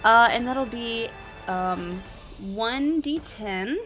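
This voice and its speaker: Brief: slow, hesitant woman narrator of a solo tabletop game, faint music behind. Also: fairly high pitch, expressive, a bit bright. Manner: hesitant, many fillers, self-conscious. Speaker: solo adventure player and narrator. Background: faint background music.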